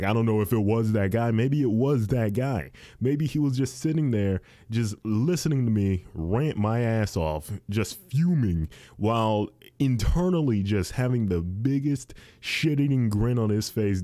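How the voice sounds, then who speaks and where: A man's voice: on the low side, lively intonation, moderate pace, few pauses, mellow, no room sound, clean studio sound. A man ranting casually to his viewers, swearing freely and saying "dude" at every turn. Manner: swears a lot, says "dude" constantly, ranting. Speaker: dealership tire warehouse worker.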